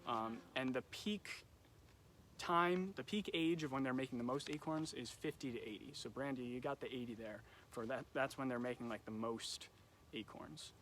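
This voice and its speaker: A man's voice: medium pitch, moderate pace, a bit bright, a little hiss or hum. Young man hosting live nature trivia. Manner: chatty, loose, lots of ums. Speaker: nature center camp educator. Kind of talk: casual live-stream trivia. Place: nature center. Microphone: phone or camera on a live stream.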